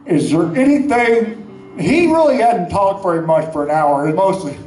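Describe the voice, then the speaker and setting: High-voiced man giving a eulogy. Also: very animated, fairly quick, darkish tone, echoey room, a little hiss or hum, poor audio. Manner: rambling, plainspoken storytelling with folksy asides. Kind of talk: spoken eulogy.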